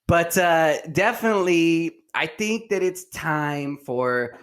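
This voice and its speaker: A man's voice: fairly high pitch, lively intonation, slow, a bit bright. A man co-hosting a comedy podcast, bantering in a playful, slangy way. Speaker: podcast co-host. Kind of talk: casual comedic chat.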